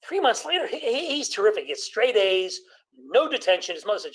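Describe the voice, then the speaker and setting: Man in his sixties, stand-up comedian, high voice, storytelling jokes. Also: big pitch swings, fairly bright tone, slightly rough, low-quality recording. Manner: storytelling with quick jokes and impressions of family.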